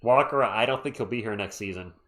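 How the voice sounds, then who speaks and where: A man's voice: lowish voice, fairly quick, a bit bright. Sleepy man, live play-by-play stream, laid-back, chatty, yawning. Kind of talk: casual live sports commentary with chat shout-outs.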